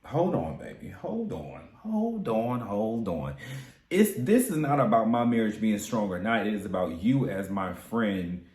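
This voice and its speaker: An offended woman stands her ground, insistent and firm, as a man acts her out. Her voice sits low and hushed, quieter than his usual chat. The sound has a roomy echo. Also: big pitch swings, a little slow. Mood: indignant.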